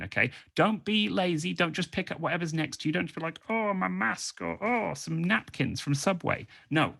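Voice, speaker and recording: A man's voice: mid-range voice, gravelly, fairly bright tone. A British man doing playful freestyle raps and joking chat with an online audience. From Britain. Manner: playful, joking, rapping over a beat. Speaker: performer. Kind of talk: freestyle rap and comedy patter on a video call. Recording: hip hop beat playing behind.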